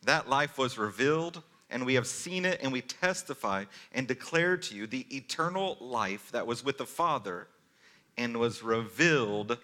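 Bright-voiced man preaching a casual sermon. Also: mid-range voice. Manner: conversational, animated preaching with casual asides. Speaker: pastor.

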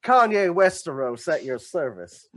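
A man voicing a pompous, over-polite gentleman adventurer in a tabletop game. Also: fairly high pitch, big pitch swings, measured pace, dry recording. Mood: flirtatious, grand.

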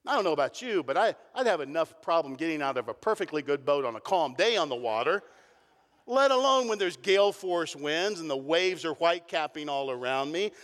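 A middle-aged pastor preaching with animated, emphatic delivery. His voice sits a touch high for a man, and it rings out with a long hall reverb in a church sanctuary. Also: brisk. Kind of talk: sermon.

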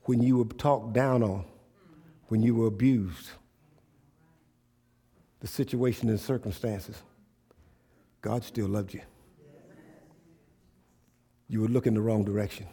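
A man's voice: lowish voice, takes it slowly, pauses often, breathy edge. A male preacher giving a sermon, speaking. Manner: call-and-response preaching, rising to loud animated storytelling.

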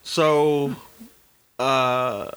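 A man in his early forties tells stories in a loose, casual chat. He swears freely and acts out the other people's lines as he goes. His voice sits at a middle pitch. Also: extremely slow, clean tone. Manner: animated storyteller, swears freely, acts out dialogue. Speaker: podcast co-host.

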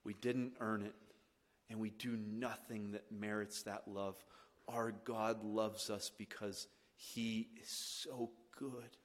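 A man preaching a sermon as pastor, swinging from hushed lines to loud, emphatic ones. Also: fairly low pitch, little pitch movement, takes it slowly. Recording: long reverb of a church hall.

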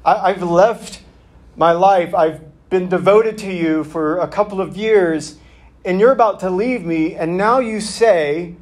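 A man's voice: high-pitched, a little slow, voice pushed up. A man voicing an exasperated young male disciple who pleads in disbelief. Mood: incredulous. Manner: incredulous, pleading.

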